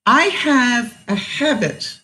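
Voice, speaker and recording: A woman's voice: a little high, expressive, takes it slowly, pushed and bright, rough recording. A woman hosting a casual livestream, chatting in a rambling way, laughing often and reading out viewer comments.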